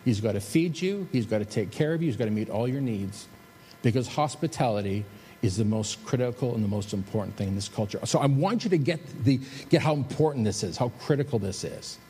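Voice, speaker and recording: A male pastor delivers a sermon, swinging between emphatic, lifted phrases and quiet, drawn-out drops. His voice carries a long reverb from a large hall. Faint background noise sits under it. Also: medium pitch, expressive. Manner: preaching with emphatic rises and soft drops. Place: church sanctuary.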